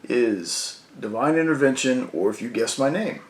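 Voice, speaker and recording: A man reading out the lines of a bureaucratic male demon in an offhand, quieter way. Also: medium pitch, expressive, normal speed, close to an everyday voice. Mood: wry. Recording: roomy echo.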